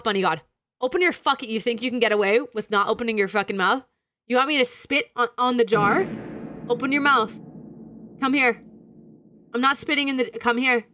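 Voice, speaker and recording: A woman's voice: a little high, pushed and bright, no echo. A young woman streamer chatting casually with her chat, crude and teasing, laughing often. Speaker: VTuber streamer.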